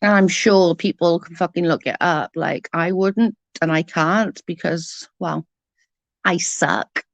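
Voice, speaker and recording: A woman's voice: lowish voice, slow, gravelly, dry recording. Sweary Welsh woman in her forties. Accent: Welsh, Newport. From Wales. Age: 40s. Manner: blunt, sweary, sarcastic. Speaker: vlogger. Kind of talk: casual ranting chat.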